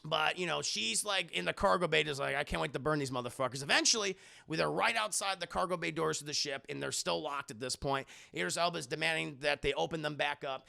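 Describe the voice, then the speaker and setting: A young man with a high, gravelly voice rattles through a film recap in a loose, profane way. His tone is bright and forward, and he keeps slipping into silly voices for the characters. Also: fairly quick, few pauses. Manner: animated retelling, acting out characters in silly voices. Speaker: host reviewing a film with live chat.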